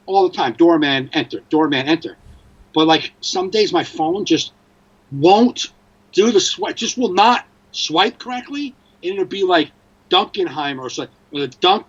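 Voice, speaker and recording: A man's voice: on the high side, unhurried, husky. Ranting Jersey man, lo-fi sound. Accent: New Jersey. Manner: animated, ranting, swears a lot. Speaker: podcast co-host. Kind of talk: casual chat.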